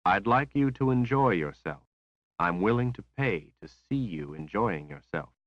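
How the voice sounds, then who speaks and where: A cold, calculating man, voiced by a male narrator speaking in a deep, calm, measured way. The menace stays under the surface. The sound is dry and a little dull. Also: no room sound.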